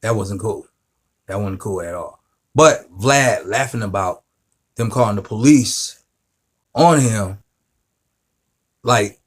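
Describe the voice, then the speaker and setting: A man with a somewhat low voice hosts a reaction video. He talks casually and emphatically in slang and addresses his viewers directly. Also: takes it slowly, pauses often, breathy edge.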